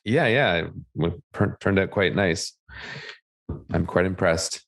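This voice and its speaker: A man with a very low voice co-hosts a casual podcast. He teases easily and talks through a home-repair job step by step. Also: slow pace, creaky. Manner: easygoing, teasing, detailed storyteller. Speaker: podcast co-host.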